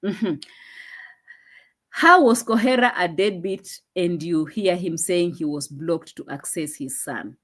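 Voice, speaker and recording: A young woman hosting a casual live stream, chatting and laughing, dropping into low asides, on a phone mic. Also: takes it slowly.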